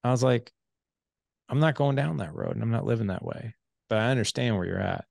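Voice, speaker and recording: Podcast host, man, 40s, gravelly low voice, animated storyteller, dry close sound. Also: fairly quick, no room sound. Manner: animated storyteller who acts out quoted dialogue. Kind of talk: casual storytelling conversation.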